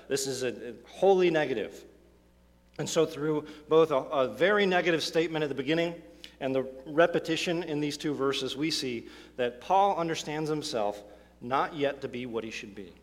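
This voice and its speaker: A man delivers a sermon from the pulpit in a slightly high voice. He is emphatic and earnest, restarting phrases and pressing rhetorical questions on his listeners. His voice rings out with a long reverb through a church sanctuary. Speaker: pastor.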